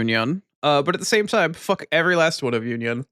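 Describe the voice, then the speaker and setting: A man's voice: mid-range voice, animated, fairly bright tone, no room sound. Male streamer, chatty and profane, dry booth-like audio. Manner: loose, swearing, ends lines with a cat-like "nyan" tic; talks while eating, mumbled and unhurried. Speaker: live streamer. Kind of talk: casual chat with viewers.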